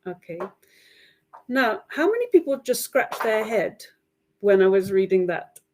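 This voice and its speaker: A woman's voice: mid-range voice, sing-song, a little slow, a little hiss or hum. Female webinar presenter for teachers, mid-range voice, friendly and chatty, checks in with her listeners a lot. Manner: friendly, checks in often with "right?" and "okay?", laughs lightly. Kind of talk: online webinar talk to teachers.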